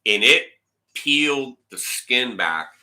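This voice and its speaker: Rambling man with a bright, lively voice. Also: medium pitch, slow. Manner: rambling, repeats words, acts out dialogue. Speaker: guitar channel host. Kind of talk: casual storytelling. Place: home, indoors.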